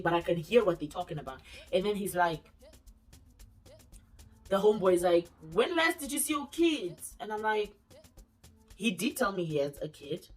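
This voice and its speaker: A woman telling a personal story in a blunt, animated, profane way for her vlog. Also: fairly low pitch, distant mic.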